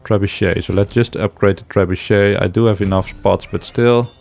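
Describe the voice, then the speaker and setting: A man's voice: fairly low pitch, steady tone, moderate pace, gravelly, a little mellow, faint music behind. A man giving casual let's-play commentary, thinking aloud with hesitations and frequent chuckles. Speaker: game streamer.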